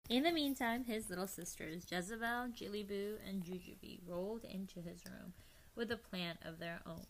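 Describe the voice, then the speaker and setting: A woman's voice: medium pitch, moderate pace, very noisy. Playful woman reading a picture book. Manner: lively, playful, drops to hushed whispers. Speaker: reader. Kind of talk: storybook read-aloud.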